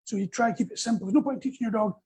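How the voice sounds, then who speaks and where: A Scottish man leading a dog training workshop, talking casually in an animated, joking way and acting out little scenes. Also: high voice, very fast, slightly rough, poor audio. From Scotland. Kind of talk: casual instructional talk. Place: small indoor workshop room.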